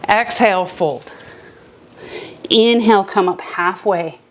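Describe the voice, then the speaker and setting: Slow, calm woman guiding yoga. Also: mid-range voice. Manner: calm step-by-step cueing with breath counts. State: a little out of breath at times. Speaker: yoga instructor. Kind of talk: guided yoga class instruction.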